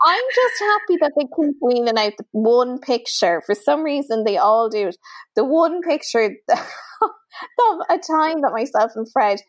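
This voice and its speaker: A young Irish woman co-hosting a podcast, telling stories in a chatty, animated way with lots of asides. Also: on the high side, measured pace, dry recording. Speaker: podcast co-host. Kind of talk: casual chat.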